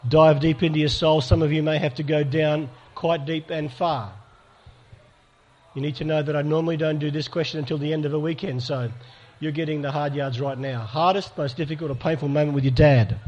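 Man, slightly high voice, pastoral workshop leader addressing a live crowd. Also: darkish tone, highs cut off. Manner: pastoral and direct, asks audience for hands up. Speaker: speaker at a church conference. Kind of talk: live workshop talk to an audience.

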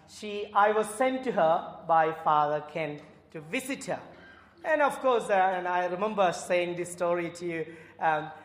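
A man's voice: sits high, fairly bright tone. Indian-accented man preaching in an echoing church. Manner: storytelling, rising to fervent emphasis. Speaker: preacher studying for the priesthood. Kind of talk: sermon. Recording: echoey church with long reverb.

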